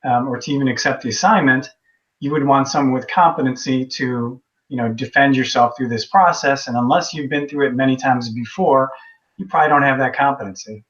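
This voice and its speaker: A man from Texas who is a guest appraiser explains his points in a steady way. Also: medium pitch, fairly quick. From Texas, USA. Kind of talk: casual webinar talk. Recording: dull, lo-fi audio.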